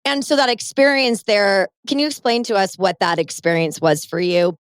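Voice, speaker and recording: A woman's voice: medium pitch, fairly even intonation, normal speed, clear, resonant tone, no echo. A woman hosting a podcast interview, joking and blunt, with casual swearing. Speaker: podcast host.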